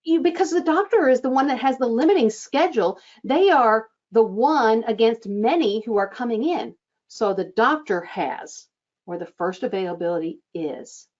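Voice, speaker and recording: A woman coaching front-desk staff on phone scheduling, acting out sample lines with lively changes of tone. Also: fairly high pitch, moderate pace, lo-fi sound. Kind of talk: instructional talk.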